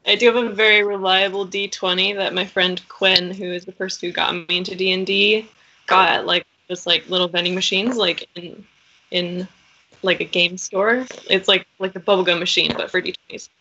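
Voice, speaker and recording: Woman rambling about her dice on stream, bright voice, kinda dull lo-fi sound. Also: fairly low pitch, fairly even intonation, normal speed, creaky, a little hiss or hum. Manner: rambling, lots of "like", laughing. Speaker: tabletop game player. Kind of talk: casual chat on a stream.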